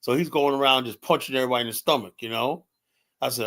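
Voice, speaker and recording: Fast-talking man telling club stories. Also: mid-range voice. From Virginia. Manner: fast, animated storytelling with heavy profanity and "you know". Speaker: podcast guest, former club security. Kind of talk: casual storytelling chat.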